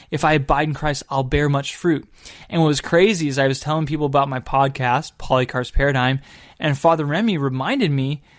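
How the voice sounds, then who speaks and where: Upbeat man with a higher voice. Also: no echo, clean studio sound. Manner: enthusiastic, upbeat storytelling. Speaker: podcast host and Catholic evangelist. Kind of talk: casual podcast monologue.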